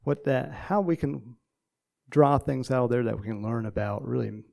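A man's voice: mid-range voice, normal speed, vocal fry, warm tone. A man preaching a casual sermon, telling stories and praying in a folksy, chatty way.

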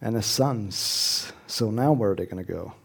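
A man's voice: fairly low pitch, normal speed, gravelly, slightly rough. A middle-aged man preaching a sermon in a conversational way, chuckling often and rising to emphatic questions. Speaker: pastor.

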